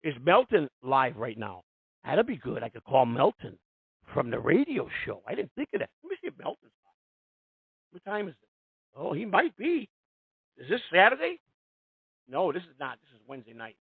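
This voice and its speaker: A high-voiced man hosts a call-in radio show, swearing freely and circling back over his own sentences. His pitch leaps around as he goes. The sound is thin and phone-like, with no room around it. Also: huge pitch swings, normal speed, gravelly, long pauses, slightly rough, no room sound. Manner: profane, rambling and heated, with many restarts. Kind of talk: casual call-in radio talk. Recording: tinny, dry phone-line sound.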